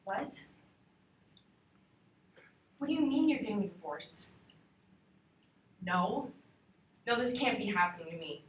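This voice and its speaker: A woman's voice: mid-range voice, expressive, unhurried, long pauses, pitched below the performer's own voice, natural voice. A woman acting a teenage girl whose parents are divorcing, pleading and accusing in turns in a dramatic classroom monologue. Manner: pleading and accusing, rising to shouting. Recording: roomy classroom, from far off.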